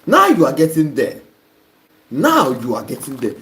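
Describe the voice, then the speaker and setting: A man's voice: fairly high pitch, huge pitch swings, moderate pace, fairly bright tone. A man with a Nigerian accent teaching a live-stream lesson, reading viewer comments and bluntly scolding wrong answers. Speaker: online course teacher. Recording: noisy live-stream audio.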